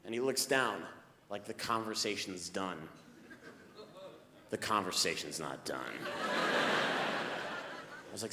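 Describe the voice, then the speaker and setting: A stand-up comedian from Boston telling an animated story on a live stage, swinging from hushed asides to outbursts. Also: male voice, sits low, unhurried, pauses often. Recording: live set with ambient noise.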